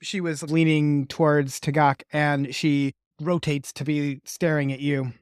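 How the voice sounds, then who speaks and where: Slow, smooth-voiced woman game master. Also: low voice, little pitch movement, no echo, clean studio sound. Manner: measured, laughs often. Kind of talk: narrating a tabletop game.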